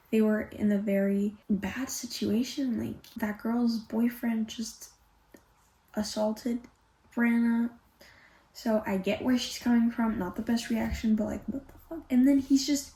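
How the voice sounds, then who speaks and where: A woman's voice: a little high, reverberant. A young woman, not a native English speaker, ranting casually about a book she is reading. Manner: exasperated, swearing, animated retelling. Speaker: book vlogger.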